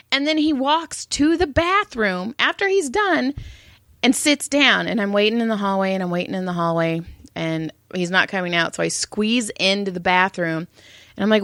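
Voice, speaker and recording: A woman's voice: mid-range voice, dry recording. Storytelling woman co-host, dry close sound. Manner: animated storytelling, acts out quotes. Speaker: podcast co-host. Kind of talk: casual chat.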